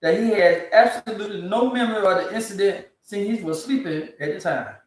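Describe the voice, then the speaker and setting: This is a fairly fast talker with a medium-pitched voice, incredulously ranting and frequently laughing while riffing on bizarre news items in an offhand comedy style. Heavy echo suggests the mic was quite distant.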